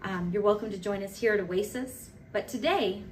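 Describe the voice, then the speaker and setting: A woman in her thirties giving a casual devotional talk as a church leader, animated and playful, with quick asides. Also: mid-range voice. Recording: recorded from a distance with faint noise.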